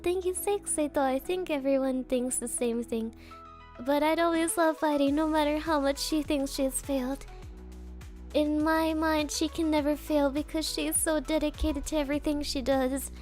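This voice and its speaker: A woman streamer with a high, playful voice reads out donations and chats casually with her viewers. She sounds a little sniffly, as if she has just been crying, and she sprinkles Japanese words into her talk. Soft music plays faintly behind her. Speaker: VTuber streamer. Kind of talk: casual livestream chat, reading donations.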